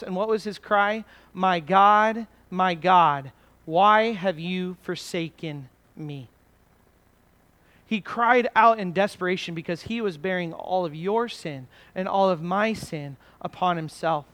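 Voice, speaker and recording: A man with a notably high voice delivers an earnest sermon to his congregation. He speaks steadily and leans hard into key phrases, building to emphatic peaks. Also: fairly bright tone. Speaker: preacher.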